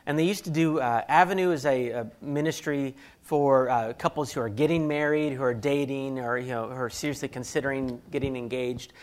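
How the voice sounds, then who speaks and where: Man, thirties, self-deprecating storyteller, candid, medium pitch. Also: fairly even intonation, brisk, few pauses. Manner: candid, self-deprecating, acts out quoted thoughts. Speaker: speaker sharing a marriage story. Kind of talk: personal storytelling talk.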